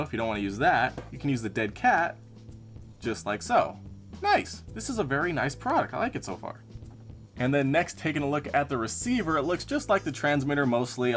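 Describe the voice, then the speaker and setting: Lively, chatty man reviewing gear. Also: mid-range voice. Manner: chatty, upbeat, demonstrating hands-on. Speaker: tech reviewer. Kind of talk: product review vlog. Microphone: clip-on lavalier.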